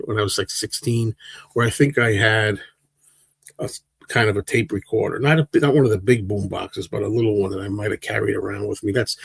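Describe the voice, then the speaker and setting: A lowish male voice with vocal fry and a breathy edge, recorded dry. The speaker, a livestream host in his sixties, rambles easily through the chat, responding to questions one after another.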